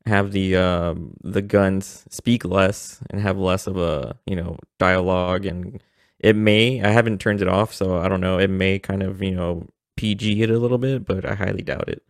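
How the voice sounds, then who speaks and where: Gravelly low-voiced man in podcast chat. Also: no echo, studio quality. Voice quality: laughs often, relaxed and halting. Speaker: podcast co-host. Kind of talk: casual chat.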